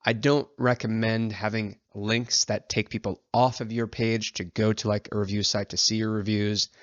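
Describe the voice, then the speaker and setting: A man's voice: lowish voice, flat delivery, moderate pace, no room sound, dull audio. A man teaching copywriting in a casual, chatty way, full of fillers and acted-out example lines. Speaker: agency founder teaching copywriting. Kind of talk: casual instructional talk.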